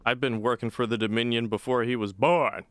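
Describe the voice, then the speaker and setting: A man's voice: mid-range voice, steady tone, a little fast, clear, resonant tone, no echo. A man giving rambling, casual, profane let's play commentary as a gaming channel host.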